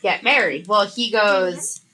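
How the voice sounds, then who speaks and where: A woman co-hosting a podcast, chatting casually and retelling a book's plot with lively quotes. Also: mid-range voice, slow, noisy background. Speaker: podcast co-host. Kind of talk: casual book chat.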